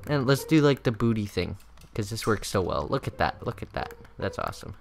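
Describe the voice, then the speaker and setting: A teenage boy hosting a gaming channel, rambling through casual gameplay commentary with lots of fillers and bursts of excitement. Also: on the low side, a little fast, faint music behind.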